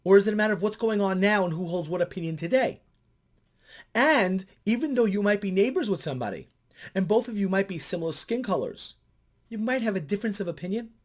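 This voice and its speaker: A middle-aged man with a fairly high voice talks as a counselor sharing his views. He tells stories in a lively way, and his pitch swings up sharply as he gets worked up. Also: fast talker. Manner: animated storyteller, voice climbing high when excited. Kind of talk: commentary vlog.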